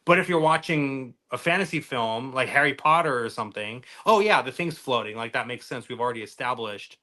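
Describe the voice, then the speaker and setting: A man's voice: mid-range voice, lively intonation, a little fast, sharp tone. A man co-hosting a magic podcast, talking in a rambling, casual way with lots of fillers and trailing off at the ends of thoughts. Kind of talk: casual chat.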